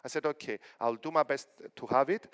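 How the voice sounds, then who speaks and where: A man's voice: medium pitch, brisk, clean tone. A middle-aged man from Cyprus giving a conference keynote, telling stories with acted-out quotes. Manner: animated storytelling with acted quotes. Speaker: keynote speaker.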